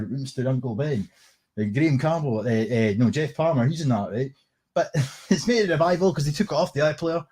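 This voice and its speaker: A man's voice: mid-range voice, a little mellow, husky. A man with a Scottish accent doing a sweary, scornful casual rant on a live stream, laughing often. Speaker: livestream commentator.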